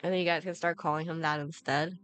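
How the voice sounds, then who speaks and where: A woman's voice: sits low, fairly even intonation, fast talker, fairly bright tone. A young woman streaming a game, chatting casually, teasing her friend and swearing often. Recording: game music behind voice.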